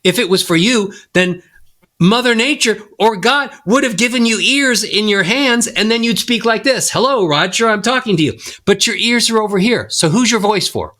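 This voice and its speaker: A middle-aged man speaks as a voice coach in a podcast interview, his voice bright and ringing. He teaches by example, sliding his pitch up and down in wide, lively swoops. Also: normal speed. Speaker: voice coach guest. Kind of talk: podcast interview, demonstrating tips.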